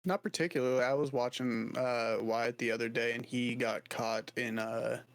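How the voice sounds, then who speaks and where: A man's voice: medium pitch, fairly even intonation, moderate pace, no room sound. A man on a casual gaming podcast who speaks hesitantly, with many fillers.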